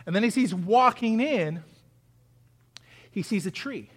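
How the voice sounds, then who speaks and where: Male pastor, very high voice, sermon, rising intensity, call-and-response. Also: lively intonation, a little slow, breathy edge. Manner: acts out pleading voices.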